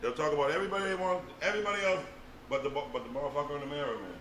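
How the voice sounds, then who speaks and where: A man's voice: on the high side, expressive, very fast, fairly bright tone, roomy sound, recorded from a distance, a little hiss or hum, low-quality recording. A man ranting in casual podcast talk, repeating himself and cursing. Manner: ranting, repetitive, profane.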